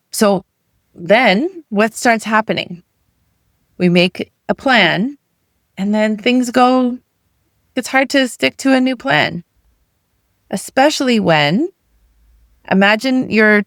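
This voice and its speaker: A middle-aged woman gives a motivational coaching talk, chatting along and asking the listener one question after another. Her voice sits at an ordinary middle pitch. The recording is dry, with no room around it. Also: lively intonation, a little slow, dry recording. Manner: conversational, full of rhetorical questions. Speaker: weight loss coach.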